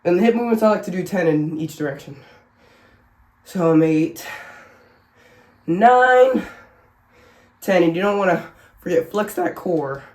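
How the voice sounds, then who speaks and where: Brisk and fairly low-pitched with a darkish tone, this family vlogger films a casual workout how-to at home, where the room echoes. She's ill and winded, but she chats, jokes, and laughs at herself as she shows the simple exercises.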